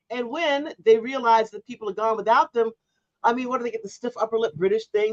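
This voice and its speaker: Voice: medium pitch, quick pace, no echo, lo-fi sound. A podcast co-host in casual chat, telling a story and arguing her point with emphatic disbelief.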